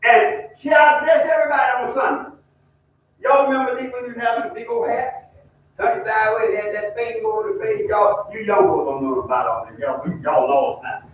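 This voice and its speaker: A high-voiced man teaches a Bible study in a folksy storytelling way, talking right to the group. He sounds far from the mic in a very echoey church. The recording is dull and muffled. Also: a little fast. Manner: folksy, talks to the group directly, mimics hollering.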